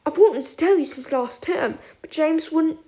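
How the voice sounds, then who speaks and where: A woman voicing an eager, excitable teenage schoolboy wizard who talks loud and impatient. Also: high voice, normal speed, voice pushed up. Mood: excited.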